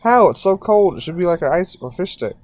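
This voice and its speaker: A man's voice: high-pitched, animated, brisk, a little mellow, slight background noise. A man co-hosting a podcast, chatting casually and throwing in dry quips. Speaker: podcast co-host. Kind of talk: casual chat.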